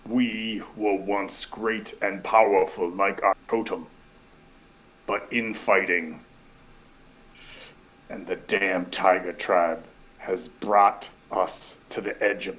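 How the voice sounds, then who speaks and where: Man doing a grave bear-tribe figure: hearty, clear, slow and measured, pitched lower than his own voice, with faint background noise. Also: pushed and bright, exaggerated voice, rough recording. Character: solemn bear-tribe speaker named Koda.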